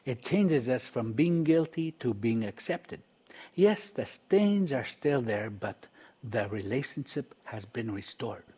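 A man hosting and narrating in a measured, reflective scripted style, inviting listeners to call. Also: mid-range voice, expressive, dark tone, husky. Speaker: program host and narrator.

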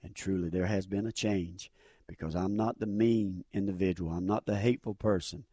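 A man's voice: deep voice, steady tone, moderate pace, dark tone, no room sound, clean studio sound. A middle-aged man telling his personal faith testimony in an earnest, fervent way, repeating phrases for emphasis. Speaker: churchgoer giving testimony.

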